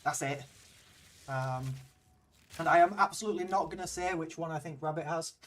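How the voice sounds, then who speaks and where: A man's voice: a little high, moderate pace, a bit bright, distant mic. Chatty Yorkshire man streaming games. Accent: mild Yorkshire English. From Yorkshire, England. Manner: chatty and rambling, answers chat between plays. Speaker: game streamer. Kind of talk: casual live-stream chat.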